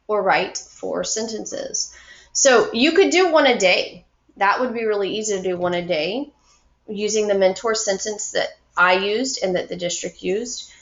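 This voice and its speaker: A woman teacher giving a recorded grammar lesson to young students, explaining slowly and patiently, with encouragement. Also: mid-range voice, vocal fry, reverberant, dull audio.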